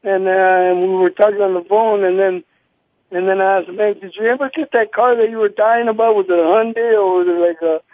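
A man in his thirties, a former boxing champion, telling animated stories over the phone and acting out the people he quotes. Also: high voice, brisk, no room sound. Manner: animated, acts out quoted people, many restarts. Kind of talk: casual phone interview storytelling. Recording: tinny phone line, dry.

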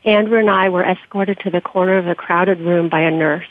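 A woman with a husky voice reading her own memoir in a measured, quiet way, then answering interview questions, heard over a dry, tinny phone-like line. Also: lowish voice, fairly even intonation, dry recording. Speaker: author and interview guest.

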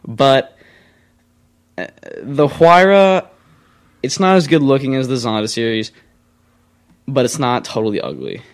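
A young man co-hosting a casual car chat show, opinionated and rambling, quick to argue his point. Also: mid-range voice, expressive. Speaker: co-host.

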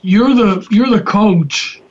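Male radio host, high voice, slow and searching, on a muffled lo-fi recording. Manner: searching, rephrasing what the guest said. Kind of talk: interview questions. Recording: dull lo-fi sound.

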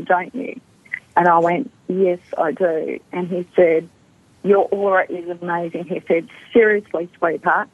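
Her voice on the low side and a bit breathy, a middle-aged Australian woman recounts a personal story as an interview guest, performing the quoted dialogue with animation. The sound is dry, coming through a tinny phone line.

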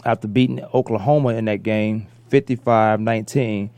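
A man hosting a sports talk radio show, rambling through animated opinions and correcting himself as he goes. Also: on the low side, normal speed, no echo.

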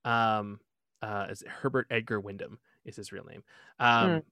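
A man's voice: fairly low pitch, steady tone, a little slow, bright, forceful tone, clear, resonant tone, no room sound, studio quality. A man hosting his own podcast in a casual chat, rambling with lots of filler ums like a comic-book fan. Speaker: podcast host.

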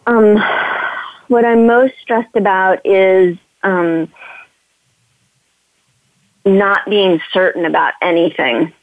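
A woman taking part in a coaching session, speaking in a halting, hesitant and emotionally raw way over a tinny phone line. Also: mid-range voice, steady tone, dry recording. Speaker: session participant.

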